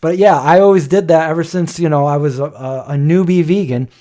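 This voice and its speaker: A man's voice: fairly high pitch, a little fast, dark tone. Rambling middle-aged man chatting. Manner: rambling, joking storyteller. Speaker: host. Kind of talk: casual livestream chat.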